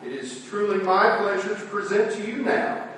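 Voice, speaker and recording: A man introducing a speaker at a conference, reading the bio in a formal, measured way. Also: high voice, animated, fairly bright tone, slight background noise. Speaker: event host introducing a speaker. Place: lecture hall. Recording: roomy hall from far off.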